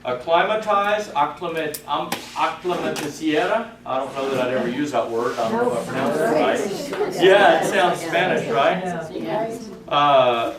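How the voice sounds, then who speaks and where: A man leading a class, reading a vocabulary list aloud in a halting way, with many filler sounds and pleas to the class for help. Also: a little high. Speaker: class leader. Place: classroom with a group of students. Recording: roomy class recording from far off, with a crowd behind.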